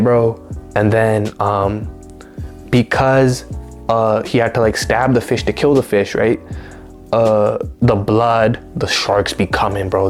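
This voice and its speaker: A man casually reviewing a book in a laid-back, slang-heavy and profane way, often checking in with his listeners. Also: fairly low pitch.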